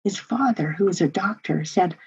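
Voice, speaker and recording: An older woman telling a family story with earnest feeling. Her voice is low and very husky, with a breathy grain. The recording sounds dull and lo-fi. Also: moderate pace, a little mellow. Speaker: family workshop presenter. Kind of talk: personal storytelling talk.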